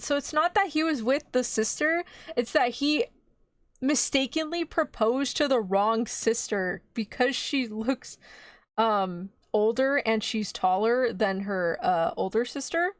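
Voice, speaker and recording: A woman hosting her own channel, casually recapping anime in an animated way, laughing and swearing when she gets indignant. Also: high-pitched, measured pace, dry recording. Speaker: VTuber host.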